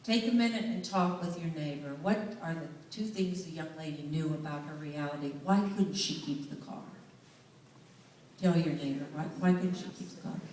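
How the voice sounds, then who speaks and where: A woman's voice: low voice, normal speed, a little mellow, slight background noise. A woman with a Southern US accent giving a humorous presentation to a live audience, telling stories and speaking to the listeners directly. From United States. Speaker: public speaker. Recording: echoey hall, voice from far off.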